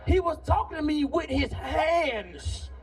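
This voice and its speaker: A man's voice: extremely high pitch, animated, slow pace, creaky. A man, a comedian, telling a loose streetwise story and then chatting and laughing about it. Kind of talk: stand-up set then casual chat.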